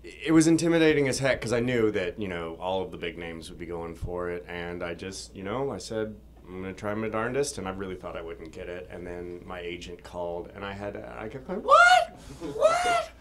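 An excitable man with a slightly low voice chats in an interview, laughing often and bursting into acted-out quotes. He was recorded at a convention, with a faint hiss of background noise. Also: fairly quick, hardly any pauses. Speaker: voice actor guest. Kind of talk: casual interview chat. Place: convention room.

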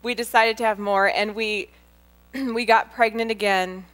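A middle-aged woman speaking before a live audience, sharing her testimony in an earnest, heartfelt way. She turns often to address her listeners directly. Her voice sits in an ordinary middle pitch for a woman. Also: steady tone, measured pace, a bit bright. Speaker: Christian women's speaker. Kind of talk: personal testimony talk.

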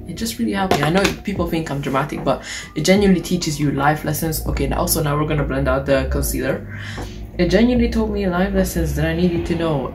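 A young woman, chatting casually and swearing playfully while doing her makeup on camera. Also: low-pitched. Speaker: beauty vlogger. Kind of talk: casual get-ready-with-me chat. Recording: music playing underneath. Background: background music.

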